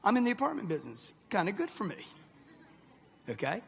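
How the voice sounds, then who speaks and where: Huge pitch swings mark this high, husky, gravelly voice, which runs a little fast. The man, a motivational speaker in his sixties, addresses a live audience in a reverberant event hall and keeps prodding them with "okay?" and "right?".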